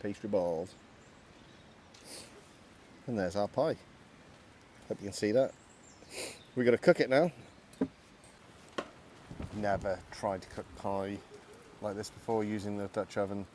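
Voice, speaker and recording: A man's voice: on the low side, measured pace, long pauses, darkish tone, a little hiss or hum. A man hosting an outdoor cooking vlog, chatty and self-deprecating as he talks through each step. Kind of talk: casual cooking vlog narration. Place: outdoors in woodland.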